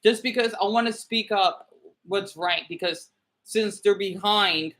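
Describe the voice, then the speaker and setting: A man's voice: high voice, measured pace, fairly bright tone. A man livestreaming commentary and reading viewer comments aloud. He rambles, sounds irritable, and often stumbles and repeats words.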